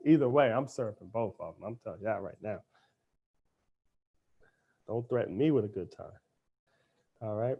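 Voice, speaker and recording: A man's voice: fairly low pitch, animated, normal speed, pauses often, breathy edge, narrow, tinny audio. A man hosting a cooking demonstration in a kitchen, talking in a playful, chatty way as he cooks. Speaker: cooking show chef.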